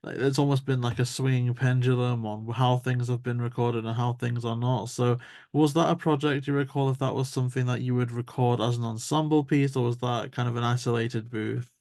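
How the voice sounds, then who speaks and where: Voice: mid-range voice, fairly even intonation, fairly quick, darkish tone, no echo, studio quality. An interviewer asking polite, enthusiastic questions of a guest in a podcast interview.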